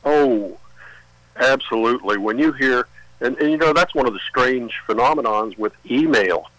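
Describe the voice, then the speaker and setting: A man calling in to a radio show, speaking in a measured, opinionated way. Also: medium pitch, a bit bright, dry recording, poor audio. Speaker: caller. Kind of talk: call-in radio chat.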